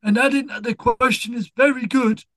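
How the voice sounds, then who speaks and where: A man voicing a chirpy character who hands out silly tips in a high, giggly put-on voice. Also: fairly even intonation, moderate pace, a bit bright, no room sound, poor audio.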